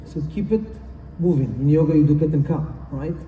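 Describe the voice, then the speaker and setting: This man's voice sits on the high side, steady and a little quick, with a narrow, tinny sound and slight background noise. He's a conference speaker delivering a motivational talk earnestly and repetitively, with non-native phrasing, captured at a distance in an echoing hall.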